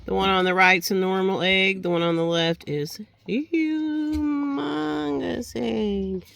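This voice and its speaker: A woman's voice: mid-range voice, steady tone, slow pace, vocal fry, a bit bright, slight background noise, low-quality recording. Tired, folksy woman vlogging outdoors. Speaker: homestead vlogger. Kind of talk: casual chat to camera. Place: outdoors by animal pens.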